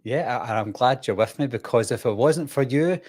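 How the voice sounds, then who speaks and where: A man hosts a relaxed live-stream chat. He talks in a chatty, rambling way, doubling back on himself and laughing easily. His voice sits at an ordinary middle pitch. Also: moderate pace. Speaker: host.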